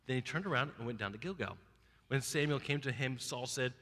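A man preaching a sermon, retelling a Bible story with lively, acted-out asides. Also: medium pitch, a little fast, in a large hall. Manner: animated storytelling, acting out biblical characters. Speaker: pastor.

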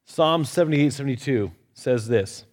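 A man's voice: mid-range voice, animated, normal speed, a little mellow. A man leading a church Bible study in a conversational teaching style, mixing lighthearted personal stories with Scripture. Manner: anecdotal, lightly humorous.

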